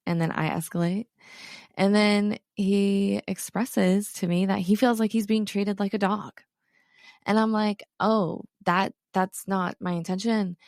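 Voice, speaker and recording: A woman's voice: medium pitch, gravelly, no echo, clean studio sound. A woman in her thirties hosting a podcast, frankly recounting a fight with her partner, swearing casually and acting out both sides. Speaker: podcast host. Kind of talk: candid personal storytelling.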